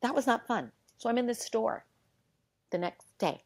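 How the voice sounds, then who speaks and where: A middle-aged woman telling a heartfelt personal story in casual conversation. She acts out the dialogue and sometimes drops to a hush. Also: on the high side, sing-song, moderate pace. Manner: heartfelt and emotional.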